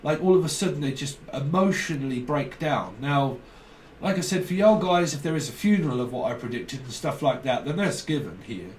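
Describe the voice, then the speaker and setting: A man's voice: fairly high pitch, lively intonation, a little fast, darkish tone. A man giving a casual spoken tarot reading, rambling and free-associating as he repeats words and jumps between ideas. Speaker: tarot reader. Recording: roomy echo, distant mic, faint background noise.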